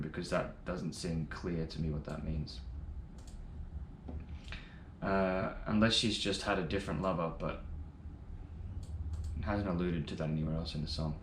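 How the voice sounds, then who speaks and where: A man's voice: low-pitched, fairly even intonation, moderate pace, pauses often, a bit bright, reverberant, a little hiss or hum. A man giving casual, enthusiastic first-reaction commentary on music, rambling a little and swearing now and then. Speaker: music reaction video host.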